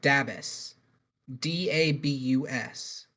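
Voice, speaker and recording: A man's voice: mid-range voice, takes it slowly, sharp tone. A man co-hosting a podcast in casual chat, rambling through a news story with jokes and swearing. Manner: rambling, joking, swears freely. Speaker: podcast co-host.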